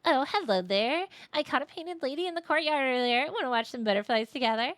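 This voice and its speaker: A woman's voice: high-pitched, expressive, brisk, fairly bright tone, no room sound, pitched above the performer's own voice. A woman reading the lines of a cheerful, dreamy teenage schoolgirl in a chirpy voice.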